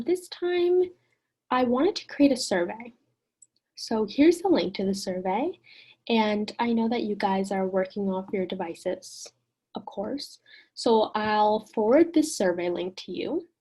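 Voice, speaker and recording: A woman teaching an online lesson in a gentle, encouraging way, often putting questions to the listener. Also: medium pitch, husky.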